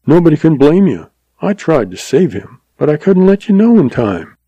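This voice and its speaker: A man doing a quick-witted young cowboy in a storybook reading, folksy and easygoing as he spins his tale. The tone is mellow and close in a dry room. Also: medium pitch, expressive, dry recording, highs cut off. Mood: mock mournful.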